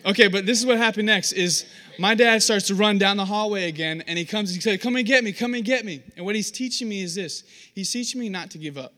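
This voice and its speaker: A man's voice: high-pitched, fast talker. A young man preaching a sermon, telling stories with acted-out voices and poking fun at himself. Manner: animated, self-deprecating storytelling with acted-out voices.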